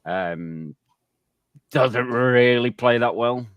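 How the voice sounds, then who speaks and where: A man's voice: mid-range voice, extremely slow, clean tone, no echo. A man guesting on a gaming podcast, laid-back with dry jokes. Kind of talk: casual chat.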